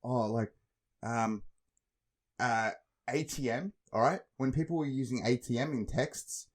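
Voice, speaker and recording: This young adult podcast co-host speaks in a mid-range voice, a little slowly. His chat is loose and full of stories, with plenty of swearing, laughter and animated delivery.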